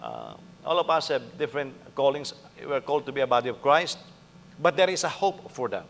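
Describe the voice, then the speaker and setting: Preaching conversationally, a male pastor acts out small dialogues and peppers his congregation with rhetorical questions. His medium-pitched, creaky voice swings widely in pitch at a brisk pace, with a big-room sound.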